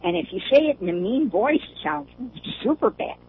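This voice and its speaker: A woman's voice: high voice, sing-song, fairly quick, vocal fry. An older woman calling in to a show, chatting casually and laughing often as she talks. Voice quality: laughs often while talking. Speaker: caller. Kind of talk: casual phone chat. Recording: tinny phone line with faint hiss.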